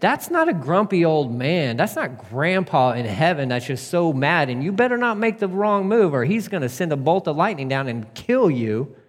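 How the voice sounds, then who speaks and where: A man preaches in a relaxed, conversational way, building to emphatic points and then dropping to a soft hush. His voice sits a touch high for a man and rings out in a hall with a long reverb. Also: normal speed, hardly any pauses. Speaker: pastor. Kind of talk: sermon.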